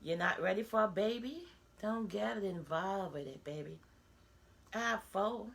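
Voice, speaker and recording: A woman's voice: mid-range voice, a little slow, creaky, fairly bright tone. A woman, talking bluntly and candidly in a personal vlog monologue, full of rhetorical asides. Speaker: vlogger.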